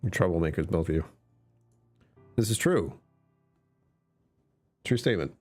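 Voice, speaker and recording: A man's voice: sits low, expressive, unhurried, darkish tone, faint music behind. A man streamer chatting casually with his live chat, answering comments and laughing often.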